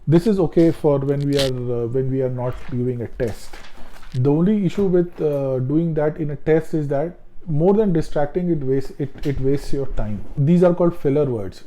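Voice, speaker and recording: A man's voice: on the high side, warm tone, low-quality recording. A man giving casual, conversational test-preparation advice, repeating himself and using many filler words. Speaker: test-prep tutor. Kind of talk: casual instructional talk.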